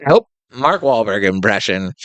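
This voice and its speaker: Guy hosting a movie podcast, rambly, mid-pitch voice, smooth and dry sounding. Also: big pitch swings, unhurried, a bit bright, no echo. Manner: rambling, restarts and hedges. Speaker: podcast host. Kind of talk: casual podcast chat.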